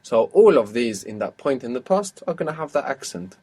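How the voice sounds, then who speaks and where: A man teaching an audio language lesson, patiently asking questions and repeating words slowly. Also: medium pitch, lively intonation, darkish tone, husky.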